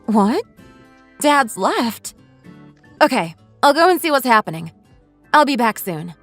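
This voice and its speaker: A woman's voice: a little high, very animated, a little slow, faint music behind. A woman voicing a caring adult daughter in a voice-acted text story, speaking emphatically. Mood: worried.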